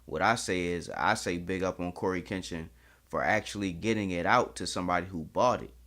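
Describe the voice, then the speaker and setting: A man's voice: low voice, brisk, fairly bright tone. A man hosting a reaction video, chatting candidly and swearing freely as he comments.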